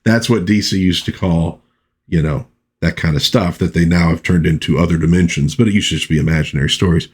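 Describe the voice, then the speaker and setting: A man's voice: sits low, brisk. A man casually recapping an old comic book issue, chatting about the plot with his own asides.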